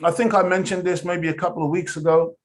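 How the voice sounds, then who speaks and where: A man lectures a study group in an emphatic, preacherly way, with a voice pitched a little higher than most men's. He keeps checking in with his listeners and calls them family as he drives each point home. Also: steady tone, fast. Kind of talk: impassioned lecture.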